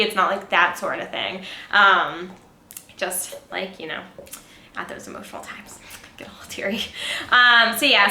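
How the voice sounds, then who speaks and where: A chatty young woman talks straight to her viewers in a loose, filler-heavy vlog style. Her voice is bright and forward. The room around her rings with echo. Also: medium pitch. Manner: chatty, rambling, lots of fillers and "like". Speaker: fitness and health vlogger. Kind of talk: casual educational vlog. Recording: echoey room.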